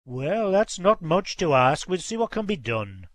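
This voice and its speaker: A man reading as a house servant who speaks gently and plainly. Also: a little high, big pitch swings, a little slow, no echo. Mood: gentle.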